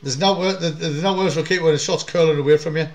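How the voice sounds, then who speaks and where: A man's voice: a little high, steady tone, very fast, a little mellow. A man with a North East English accent, a football fan streaming a live match chat with blunt, sweary banter. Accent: North East England.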